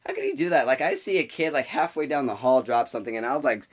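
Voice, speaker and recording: A teenage boy telling a story in a casual vlog, rambling and animated, full of restarts and filler words. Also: mid-range voice, fast talker. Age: teens. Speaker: vlogger.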